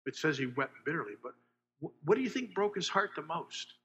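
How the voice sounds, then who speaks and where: A man preaching a sermon, asking his listeners questions and swinging between loud emphasis and hushed asides. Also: fairly high pitch, big pitch swings, brisk, dull audio. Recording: long hall reverb.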